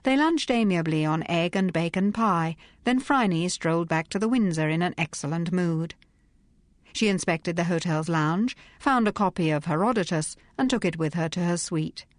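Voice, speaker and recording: Measured woman audiobook narrator. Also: fairly low pitch, no echo. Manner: measured, unhurried storytelling. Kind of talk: scripted narration.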